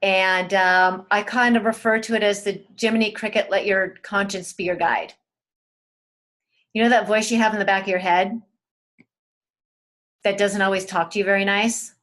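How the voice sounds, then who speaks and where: A woman teaching a spiritual webinar in a gentle, soothing way, talking straight to her listeners and repeating key words. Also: medium pitch, fairly even intonation, moderate pace, long pauses.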